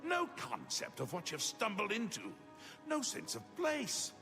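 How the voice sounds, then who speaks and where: A manic, mercurial prince of madness. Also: male voice, high-pitched, huge pitch swings, measured pace, faint music behind, full character voice. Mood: ranting. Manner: theatrical, lurching between whispers and shouts. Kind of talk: video game voice acting. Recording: game audio with long reverb.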